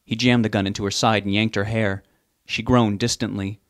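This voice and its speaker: Low-voiced man reading a novel aloud. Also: little pitch movement, normal speed, dry recording, studio quality. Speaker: narrator.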